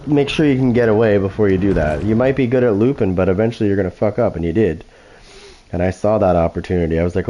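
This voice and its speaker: A man's voice: on the low side, quick pace, mellow, slight background noise, poor audio. A man hosting gameplay commentary, taunting opponents with constant profane trash talk. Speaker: gaming channel host.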